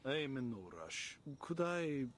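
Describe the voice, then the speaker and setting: A man's voice: fairly high pitch, measured pace, close to an everyday voice. An actor voicing a friendly, apologetic man who is packing up to leave, in a video game. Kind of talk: game voice acting.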